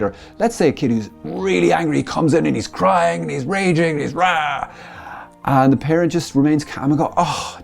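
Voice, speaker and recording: A man's voice: mid-range voice, vocal fry. A man, a Catholic priest, giving a conversational spiritual talk, explaining with everyday family examples and acting out quoted voices. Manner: acts out quoted voices with lively rises.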